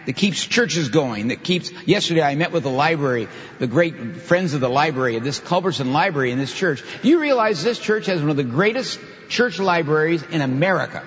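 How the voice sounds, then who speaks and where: A man's voice: fairly high pitch, lively intonation, fairly quick, few pauses, a bit bright. An older male pastor preaching a sermon, earnest and emphatic, with stresses that rise on key points. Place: church sanctuary. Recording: dull reverberant hall sound.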